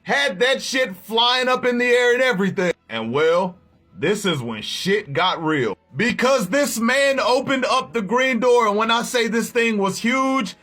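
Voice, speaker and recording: Man, casual comic recap, slangy and profane, high bright voice, faint music behind. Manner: profane, slangy, animated storytelling.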